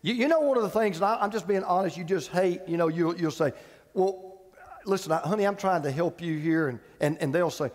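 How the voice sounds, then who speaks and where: A man's voice: high voice, animated, brisk, big-room sound. A male pastor preaching a sermon, conversational and emphatic, asking the congregation repeated questions. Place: church sanctuary with audience.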